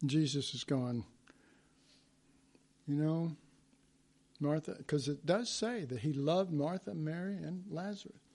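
Guy preaching a sermon, high voice, slow and chatty, acts out the bible bits. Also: warm tone. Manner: conversational, acts out biblical quotes.

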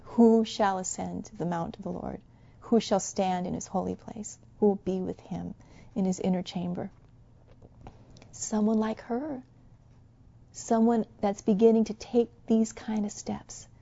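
A woman preaching a sermon, soft and musing at times and fervently exhorting at others. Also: medium pitch, fairly even intonation, unhurried, creaky, dull audio.

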